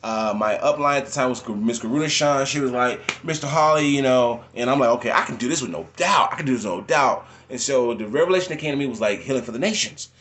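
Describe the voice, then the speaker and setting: A young man telling his life story in unscripted personal testimony, informal and repetitive, laughing often and jumping up in pitch when he quotes other people. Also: fast, hardly any pauses, a bit bright, slight background noise.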